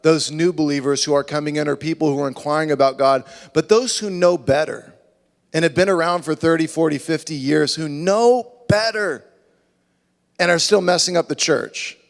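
Guy pastor preaching, fairly high voice, lively, big church echo. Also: normal speed, creaky. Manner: animated preaching, acts out voices. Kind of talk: sermon. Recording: long reverb of a large hall.

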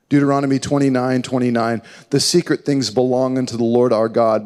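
A man preaching a sermon, earnest and emphatic, slowing down and dropping to a hush when he quotes scripture. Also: medium pitch. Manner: earnest, emphatic preaching with slow dramatic drops to hushed quotes. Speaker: pastor. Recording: long hall reverb.

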